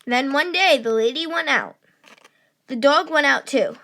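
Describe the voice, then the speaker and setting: A woman reads a children's storybook aloud in a high, light voice. She takes her time, unhurried and gentle, and gives each line expression. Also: gravelly. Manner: slow, gentle and expressive, voicing characters. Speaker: children's book reader. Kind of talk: read-aloud storybook narration.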